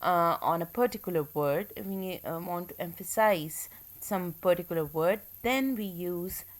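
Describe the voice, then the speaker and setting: A woman teacher giving a recorded English grammar lecture, explaining step by step with frequent pauses and fillers. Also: lowish voice. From Pakistan.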